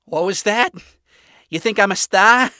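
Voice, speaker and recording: A man's voice: a little slow, smooth, no echo, studio quality. A man doing a sassy flamboyant spider demon. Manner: sassy, theatrical, high and loud. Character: flamboyant male spider demon, battered but showy.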